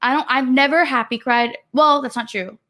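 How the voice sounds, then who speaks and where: A young woman in her twenties co-hosts a podcast, chatting frankly and reading out viewer comments. Her voice sits high with fairly even intonation, moving at a normal speed with a bright, forceful tone.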